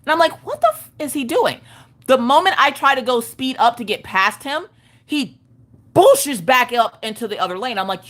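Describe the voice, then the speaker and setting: A woman in her thirties with a twang spins a story for her livestream chat. Her pitch swings up and down all the time, and she talks in a loud, emphatic way, often cursing. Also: normal speed. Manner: animated, profane, emphatic storytelling. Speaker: craft livestream host.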